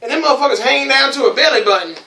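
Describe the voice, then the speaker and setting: A man's voice: very high-pitched, lively intonation, rapid-fire, vocal fry, a crowd in the background. A man hosting a casual podcast who tells crude stories, rambling and laughing as he goes. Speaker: podcast host. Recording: echoey, distant room mic.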